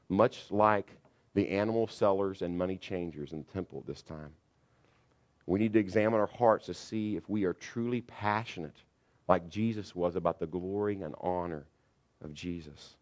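A middle-aged man preaching a sermon, telling a personal story that swings from loud re-enacted shouting to quiet, confessional reflection. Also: lowish voice. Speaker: pastor.

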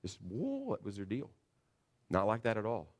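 A man preaching a sermon in a church, earnest and building to loud, emphatic passages. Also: lowish voice, steady tone, normal speed. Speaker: pastor.

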